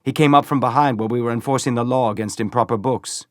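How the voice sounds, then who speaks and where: A man voicing crude, boastful stormtroopers in an audiobook, loud and blustering. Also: medium pitch, steady tone, quick pace, no echo, clean studio sound, pitched above the performer's own voice, natural voice.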